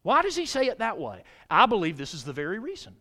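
A man preaching a sermon to a congregation in a church, with animated delivery that rises to emphatic peaks and drops low, and frequent questions put to the listeners. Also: fast. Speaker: pastor.

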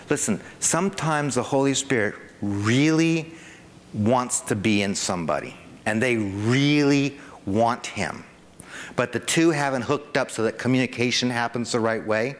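A man preaching a sermon to a congregation, animated, with a rising pitch whenever he acts out an excited parent. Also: measured pace, a little hiss or hum. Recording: long hall reverb.

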